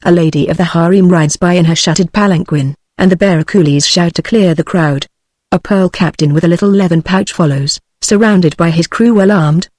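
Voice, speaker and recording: A synthetic woman's voice with a British English accent, reading an audiobook in an even, measured way. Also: lowish voice, no room sound. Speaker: narrator.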